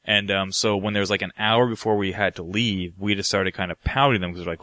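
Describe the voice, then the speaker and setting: A man's voice: deep voice, fairly even intonation, a little fast, sharp tone, no echo. A man on a podcast rambling through a casual story, swearing freely and laughing often. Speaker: podcast co-host.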